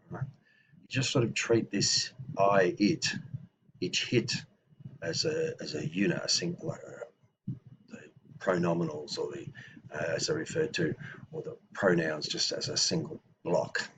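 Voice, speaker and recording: A man with a very low voice explains grammar in a relaxed teaching manner. He often restarts his sentences as he thinks aloud and slows down to spell out each example phrase. A faint hiss runs under the recording. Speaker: language teacher. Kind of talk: explanatory lesson.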